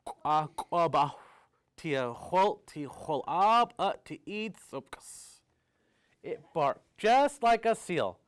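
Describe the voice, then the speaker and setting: A man telling a traditional story, speaking each phrase slowly and then translating it into English, with chant-like repetitions. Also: a little high, lively intonation. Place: community storytelling event.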